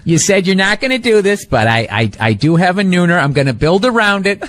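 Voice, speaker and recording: A man's voice: high-pitched, sing-song, fairly quick, fairly bright tone. A man acting out his booking agent, casually coaxing him to take another gig.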